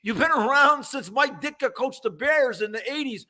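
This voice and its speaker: An older man co-hosting a casual sports talk show, ranting in an animated, mocking way. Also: very high-pitched, moderate pace.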